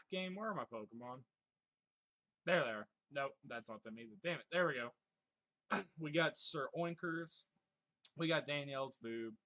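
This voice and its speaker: A man's voice: medium pitch, unhurried, pauses often, pushed and bright. A man casually commenting on his gameplay and reading chat aloud, swearing freely, laughing often and joking in mock exasperation. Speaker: live streamer.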